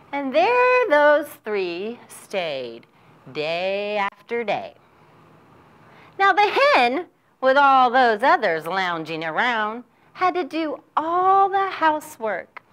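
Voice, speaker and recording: Expressive, sing-song woman storyteller. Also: on the high side, takes it slowly. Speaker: children's storyteller. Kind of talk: storytelling for children.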